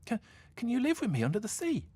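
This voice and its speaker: A sulky, demanding young mermaid girl with a lilt, her voice pitched high and whiny as she scorns and sobs, put on by a man reading a storybook. Her tone leaps about wildly. The sound is dry and close. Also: huge pitch swings, normal speed, creaky, breathy edge, no echo, heavily acted. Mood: eager.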